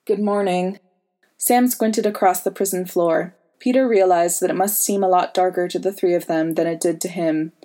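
Woman narrator, audiobook reading, steady, even, lowish voice. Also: normal speed, hardly any pauses.

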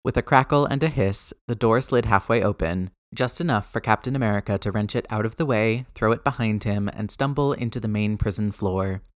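A man narrating fiction aloud in a lively, expressive reading. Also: lowish voice, brisk, few pauses, no room sound, studio quality.

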